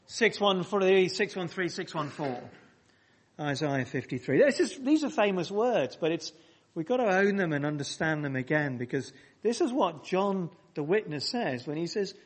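Man, preacher, sermon in church, slightly high voice, emphatic, repeats phrases, addresses congregation. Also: very animated, measured pace, breathy edge. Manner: speaks directly to the congregation.

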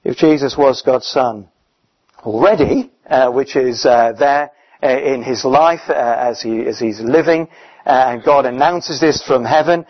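A man preaching a sermon in a conversational, emphatic way, often pausing with fillers. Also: mid-range voice. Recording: dull, muffled recording.

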